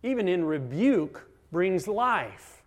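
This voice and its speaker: A middle-aged man preaching a sermon as a pastor, dramatic, swinging between loud emphasis and hushed near-whispers. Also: high voice, sing-song, slow pace.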